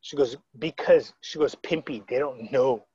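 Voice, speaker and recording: A man's voice: medium pitch, moderate pace, mellow, slightly rough, no echo, muffled recording. A man telling a story on a video call in a casual, rambling way, retelling quotes with frequent restarts. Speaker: interviewee.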